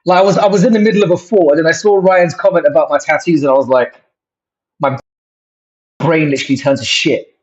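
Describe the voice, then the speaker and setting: A man's voice: fairly high pitch, fairly even intonation, a little fast, darkish tone. A young man, host of a casual livestream, chatting to viewers in a rambling, sweary way with many restarts. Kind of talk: casual livestream chat reacting to comments. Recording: dull lo-fi stream audio.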